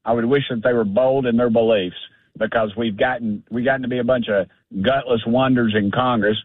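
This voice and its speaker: A man's voice: medium pitch, steady tone, a little fast, no echo. A man speaks bluntly and with heat, the folksy tone of a congressman calling in to a show. His voice comes over a tinny phone line. The sound is dry and close. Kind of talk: phone call-in interview.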